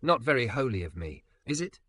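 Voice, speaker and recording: Guy doing a nervous young church girl, soft and shaky, lively ups and downs. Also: mid-range voice, fairly quick, dry recording. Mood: hesitant. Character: shy anxious young woman, church deacon's daughter.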